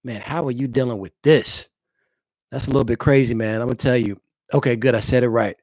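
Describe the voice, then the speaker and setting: A man's voice: medium pitch, fairly even intonation, fairly quick, a little mellow, no echo. A married man hosting a casual live stream from his home, chatting loosely and directly with his viewers. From eastern United States. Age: adult, married father. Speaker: livestream host.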